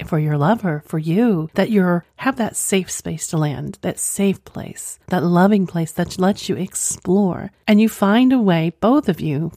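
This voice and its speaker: A woman host giving casual commentary with affirming, rambling asides. Her voice is low and mellow, and the recording is close and dry. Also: no echo. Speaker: host reading listener stories.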